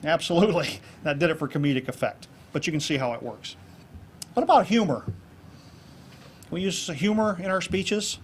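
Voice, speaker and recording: A man giving a keynote speech to a club audience on presentation skills, lively and jokey, acting out examples. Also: on the high side, moderate pace, long pauses, a little hiss or hum. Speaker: keynote speaker. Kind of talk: public speaking talk on presentation skills. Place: club meeting room with an audience.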